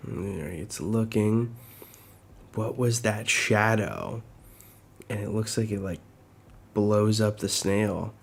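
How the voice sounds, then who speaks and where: Slow, tired man reading manga aloud. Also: lowish voice, vocal fry, breathy edge. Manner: reads scene labels and dialogue aloud, reacts with asides. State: tired, yawning. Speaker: manga reaction host. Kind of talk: live reading and reaction.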